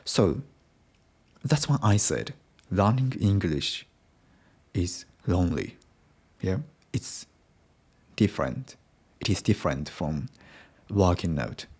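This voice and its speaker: A man with a Japanese accent, a native Japanese speaker, talking in halting, careful English as he searches for words in a solo practice monologue. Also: deep voice, lively intonation, darkish tone, slightly rough. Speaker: English learner recording a daily practice episode.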